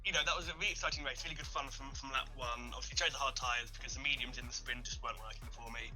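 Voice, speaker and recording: A man's voice: medium pitch, steady tone, rapid-fire, bright, forceful tone, faint music behind, poor audio. A man with a British accent talking through his race in a casual post-race interview, rambling and good-humoured. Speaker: sim racing driver being interviewed.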